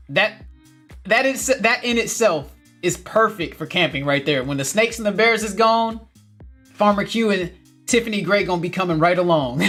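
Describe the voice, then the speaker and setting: A man's voice: high-pitched, fairly bright tone. A man, hosting a casual livestream, upbeat and laughing often as he reads viewer comments. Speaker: livestream host reading chat.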